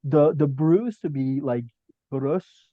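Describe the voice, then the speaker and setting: A man chatting as a guest on a podcast, hedging and pausing often with ums. He talks slowly, in a mid-pitched voice, close and dry. The sound is a bit dull and lo-fi. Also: dry recording. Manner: hesitant, full of hedges and filler ums. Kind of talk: casual podcast chat.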